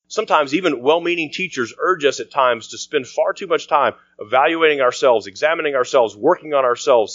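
A man's voice: mid-range voice, no room sound. Earnest man preaching, dry dull sound. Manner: earnest preaching, dropping to quiet for emphasis. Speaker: pastor. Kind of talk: sermon.

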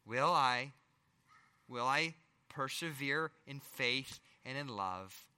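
Bright-voiced man preaching with animated swings. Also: mid-range voice, slow pace, smooth, big-room sound. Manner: dynamic preaching, rhetorical questions, swings from loud to hushed. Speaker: pastor. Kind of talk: sermon.

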